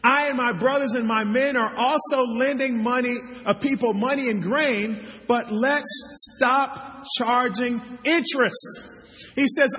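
A man's voice: very high-pitched, unhurried, bright, forceful tone. A man preaching a sermon, reading scripture aloud and asking the congregation questions as he works through slides. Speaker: pastor. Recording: long hall reverb.

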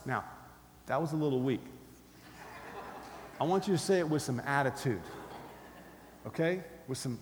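A man's voice: mid-range voice, animated, moderate pace, pauses often, a little hiss or hum. A man preaching a sermon as pastor, emphatic, leading his listeners in call-and-response. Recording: echoey hall, faint ambience.

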